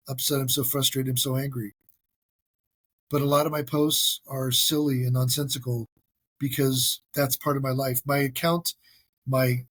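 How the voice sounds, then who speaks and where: Earnest, husky-voiced male podcast host. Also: medium pitch, fairly bright tone. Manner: earnest and self-deprecating, with frequent restarts. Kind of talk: casual solo podcast monologue.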